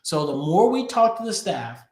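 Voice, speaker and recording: A man's voice: high-pitched, big pitch swings, moderate pace, a little mellow. A man hosting a crypto politics show, giving emphatic news commentary straight to his viewers. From Texas. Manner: emphatic, addressing viewers directly. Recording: echoey room.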